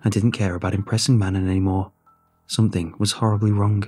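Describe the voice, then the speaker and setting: A man reads a first-person horror story in a tense, scripted delivery. His voice is low, dark and husky. Faint music plays behind him. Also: little pitch movement, quick pace. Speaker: narrator.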